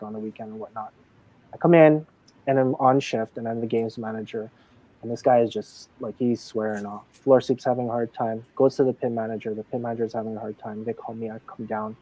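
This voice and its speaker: A man's voice: medium pitch, warm tone, dry recording, muffled recording. Chatty man telling casino stories, dry sound. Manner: chatty, full of fillers and acted-out quotes. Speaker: casino dealer and games manager. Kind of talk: casual interview storytelling.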